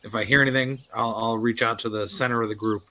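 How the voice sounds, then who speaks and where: A man's voice: mid-range voice, steady tone, fast, bright, forceful tone, slight background noise. A man playing a tabletop game, speaking hesitantly with stammering restarts. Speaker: player. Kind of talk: in-character tabletop play.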